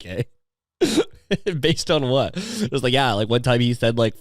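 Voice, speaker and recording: A man's voice: mid-range voice, lively intonation, moderate pace, no room sound, studio quality. Profane rambling comic man. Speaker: comedian podcast host. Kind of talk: crude casual rant.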